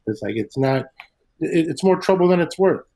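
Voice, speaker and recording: Middle-aged comic guy, kinda high voice, rambling swear-y stories. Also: expressive, normal speed, mellow, rough recording. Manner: rambling storyteller, swears freely, acts out quotes. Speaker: guest comedian. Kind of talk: casual chat.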